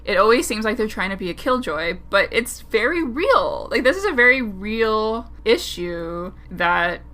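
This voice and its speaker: A woman's voice: mid-range voice, sing-song, unhurried, pushed and bright. A woman co-hosting a casual podcast chat, laughing often and talking in loose, hedging run-on sentences. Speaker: podcast co-host.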